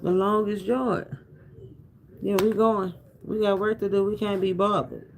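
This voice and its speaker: A man reads tarot cards for his viewers in a slow, unhurried delivery, his voice sitting a little high for a man. He circles back over phrases with a loose, preacher-like cadence and breaks off to speak to his audience directly. A faint hum runs underneath the recording. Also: flat delivery, poor audio. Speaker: tarot reader. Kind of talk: casual spoken tarot reading.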